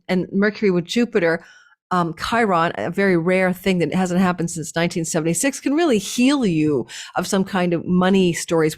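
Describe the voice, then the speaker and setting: Chatty woman astrologer, lower voice. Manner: lively up-and-down cadence, chatty asides. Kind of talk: casual astrology forecast.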